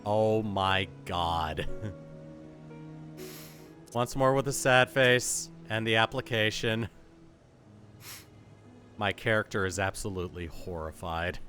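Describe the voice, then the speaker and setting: A man's voice: lowish voice, slow pace, pauses often, bright, forceful tone, faint music behind. A man giving wry, amused commentary while playing a game on his channel. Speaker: gaming YouTuber. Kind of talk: let's play commentary.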